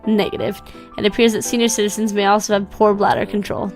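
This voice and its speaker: A woman's voice: mid-range voice, level tone, quick pace, darkish tone, soft background music, natural voice. Woman doing a stiff, formal robot butler. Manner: stiff formal diction, stumbles over words when reading. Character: polite formal male robot butler, ex-killer machine. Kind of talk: reading a visual novel aloud.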